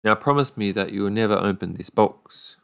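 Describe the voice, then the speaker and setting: A man voicing a gentle, sorrowful young sea princess in a storybook reading, speaking softly and pleadingly. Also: on the low side, fairly quick, gravelly, smooth. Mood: solemn warning. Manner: soft, pleading.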